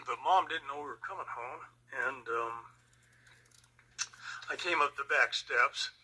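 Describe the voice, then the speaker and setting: Older man telling a war story, bright voice. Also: mid-range voice, husky, rough recording. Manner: slow, emotional, reflective. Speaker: Vietnam veteran storyteller. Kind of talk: personal storytelling.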